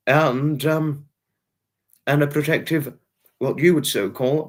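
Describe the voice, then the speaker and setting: A man hosting a casual livestream, rambling chattily and greeting viewers by name. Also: medium pitch. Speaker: livestream host.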